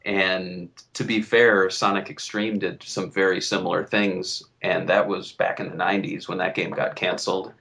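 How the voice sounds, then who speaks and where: A man's voice: sits low, little pitch movement, normal speed, vocal fry, few pauses, sharp tone. A man co-hosting a podcast, chatting casually and rambling with fillers. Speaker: podcast co-host. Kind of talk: casual chat.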